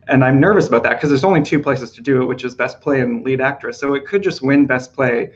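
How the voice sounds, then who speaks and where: A man hosting an awards-prediction chat, hoarse from losing his voice, chatty and loose with filler ums. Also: mid-range voice, fast talker, hardly any pauses, lo-fi sound. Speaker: podcast host.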